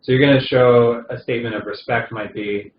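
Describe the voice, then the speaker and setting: A man's voice: medium pitch, steady tone, fairly quick. A man teaching a recorded session on palliative care, talking conversationally with many fillers and restarts. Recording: dull roomy recording with faint noise.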